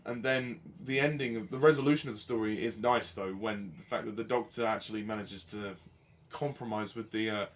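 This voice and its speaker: A man giving a casual spoken review of a TV series, passionate and rambling, swinging between heated outbursts and softer reflective stretches. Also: lowish voice, fairly even intonation, a little fast.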